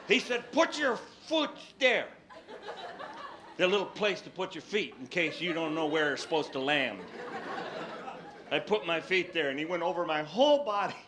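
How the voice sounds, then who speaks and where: A man from Tennessee doing stand-up, telling a long story in an animated, exaggerated way. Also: sits high, noisy background. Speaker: stand-up comedian. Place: stage before a live audience. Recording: live stage with audience laughter.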